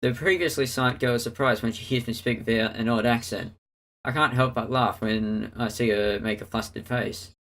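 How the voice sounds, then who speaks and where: Here a man plays through a visual novel, reading both the narration and the hero's dialogue in an even, story-telling manner. He speaks at medium pitch and normal speed.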